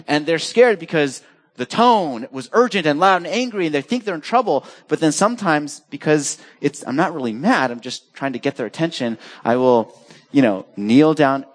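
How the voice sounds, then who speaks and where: A middle-aged man preaching a sermon as pastor, animated, swinging between urgent highs and soft low asides.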